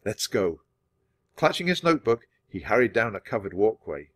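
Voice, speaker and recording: A man reading a children's chapter book aloud in a clear, steady storytelling manner. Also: fairly low pitch, a little fast, dry recording, studio quality. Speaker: storybook reader.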